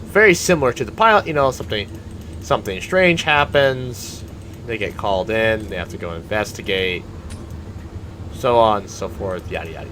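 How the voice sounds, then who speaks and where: A man's voice: lowish voice, a bit bright, slight background noise. A man, a gaming YouTuber, giving casual, rambling commentary while he plays a game. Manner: rambling, meandering storytelling.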